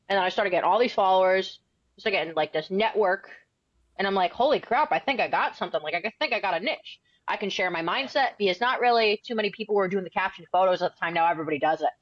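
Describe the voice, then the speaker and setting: A woman's voice: fairly low pitch, dry recording, dull audio. A young woman in her twenties from New England, a firefighter and author telling her story as a podcast guest in a blunt, outspoken, slangy way. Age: 20s. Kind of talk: casual interview storytelling.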